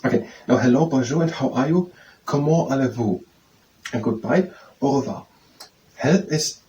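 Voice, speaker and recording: A man works through basic French phrases, sounding each one out slowly and repeating it again and again as he thinks aloud. His voice sits at an ordinary middle pitch. He is picked up by a mic set some way off, with a faint hum of noise behind him. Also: expressive, dark tone, recorded from a distance, low-quality recording. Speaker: language learner teaching himself.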